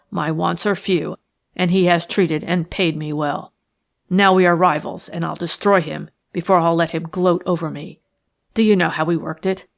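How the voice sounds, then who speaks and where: A woman reading the lines of a rough, jealous man who threatens and boasts in a harsh, coarse manner. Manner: sullen, menacing, low-voiced. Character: rough jealous male schemer, bitter and threatening. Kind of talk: audiobook character reading.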